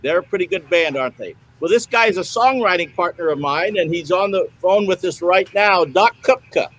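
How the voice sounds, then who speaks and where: Brisk male co-host, high voice. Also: lively intonation, a bit bright, low-quality recording. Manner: brisk, steers the conversation. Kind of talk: casual interview chat.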